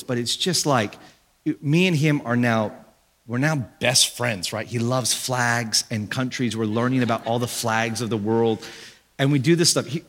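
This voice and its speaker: A man in his thirties preaches from a church stage with a bright, ringing voice that carries a long reverb through the hall. He tells his story with animated energy and leaps into high shouts when he quotes people. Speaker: pastor. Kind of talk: sermon.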